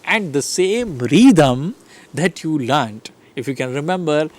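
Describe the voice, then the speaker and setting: A man giving a recorded lecture to trainee teachers, earnest and instructive, often pausing on fillers and restarting. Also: on the high side, animated. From India.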